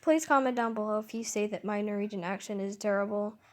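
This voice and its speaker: A woman's voice: mid-range voice, fairly even intonation, quick pace, a little mellow. A woman casually reading her own fan story aloud, rambling and self-conscious, with frequent restarts and asides.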